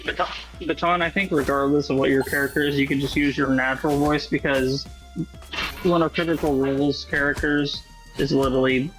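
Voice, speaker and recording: A man with a slight Southern American accent rambles through a casual voice chat with friends, leaning on fillers. His voice sits fairly high for a man, with faint music underneath. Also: steady tone, brisk, fairly bright tone, rough recording.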